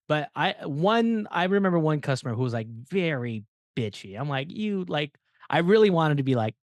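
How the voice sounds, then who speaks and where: A man hosting a podcast, telling stories in a casual, animated way and acting out the people he quotes. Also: on the high side, fairly quick, no echo, studio quality. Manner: animated storyteller, acts out quoted dialogue. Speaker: podcast host.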